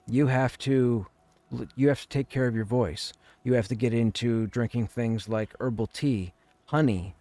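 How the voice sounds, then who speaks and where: Casting: a man chatting on a stream, middle-pitched and loose, drifting from point to point, with a dry close mic. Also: measured pace, a little mellow, dry recording. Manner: rambling, conversational. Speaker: game streamer. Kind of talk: casual chat while streaming.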